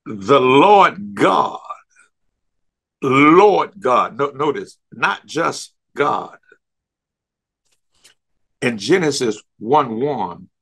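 Emphatic, husky-voiced man teaching Bible study. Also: mid-range voice, fairly bright tone. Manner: emphatic, repeats words and stumbles on restarts; stretches key words slowly for emphasis. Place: church.

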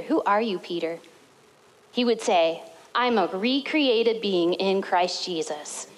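A woman pastor preaching a sermon to a congregation, telling stories with lively, dramatic retellings. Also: sits high, poor audio. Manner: animated storytelling with dramatic retellings.

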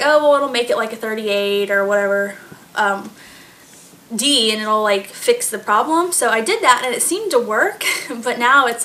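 A woman's voice: a little high, sharp tone, slight background noise. A pregnant woman in her late twenties chatting casually to her vlog audience, giggling often and filling her talk with fillers. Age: late 20s. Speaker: vlogger. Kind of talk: casual chat.

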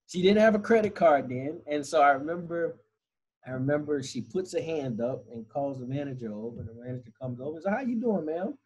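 A man casually telling a funny family story as a guest, animated and chuckling now and then. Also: medium pitch, fairly quick, breathy edge, poor audio.

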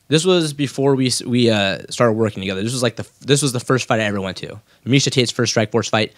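A man's voice: mid-range voice, no echo, studio quality. A man hosting a casual MMA talk show, telling stories and acting out quotes with energy. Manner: animated storyteller, acts out quotes in a raised voice. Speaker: podcast host. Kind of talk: casual chat.

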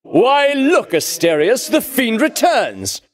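A vain, swaggering champion of legend for a video game, all grand theatrical boasts and taunts. The voice sits high and swings widely in pitch. He takes his time, drawing out every lofty word. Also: wildly swooping pitch, slow pace, exaggerated voice. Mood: boastful taunting. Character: pompous boastful male hero champion.

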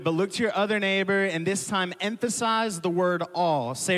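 Young male preacher, slightly raised pitch, church hall reverb, repeats his points. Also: moderate pace, a bit bright. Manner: repeats key phrases and has the crowd echo them. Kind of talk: sermon.

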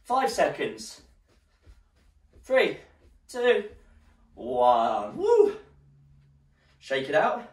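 A man's voice: fairly high pitch, big pitch swings, drawn-out words, pauses often. Encouraging male fitness instructor in a roomy space. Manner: encouraging, counts down rounds while exercising. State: slightly out of breath. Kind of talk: live workout class instruction. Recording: roomy echo, distant mic.

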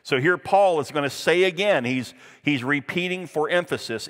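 A man's voice: on the high side, normal speed, few pauses, a bit bright. Earnest male pastor preaching in a hall. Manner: earnest, emphatic preaching with scripture readings. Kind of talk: sermon.

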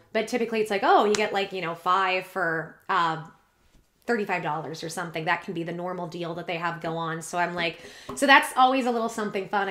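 A woman's voice: mid-range voice, pushed and bright. A woman YouTuber talking to her viewers in an emotional confessional vlog, earnest and rambling, close to tears.

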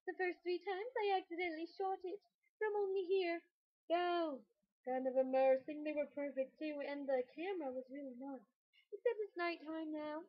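A teenage girl chatting casually and rambling excitedly in a home vlog, giggling often. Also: high-pitched. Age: late teens. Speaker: vlogger. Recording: dull lo-fi home video audio.

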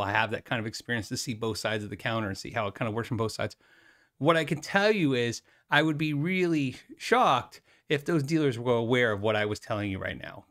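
A man's voice: mid-range voice, fairly bright tone. Chatty middle-aged man with many fillers. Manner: rambling, chatty, laughs often, many fillers and restarts. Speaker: YouTube host, former music store owner. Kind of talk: casual chat to camera.

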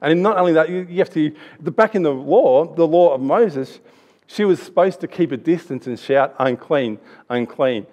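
A man's voice: on the high side, normal speed, mellow. A man in his thirties with an Australian accent, giving a chatty, anecdotal church sermon with restarts. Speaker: preacher.

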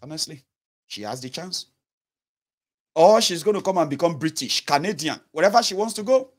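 Nigerian man in his 30s, Yoruba accent, fairly high voice, earnest pleading commentary to camera. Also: animated, normal speed. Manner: earnest, pleading, code-switching into Pidgin and Yoruba. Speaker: political commentator. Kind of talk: impassioned direct-to-camera monologue.

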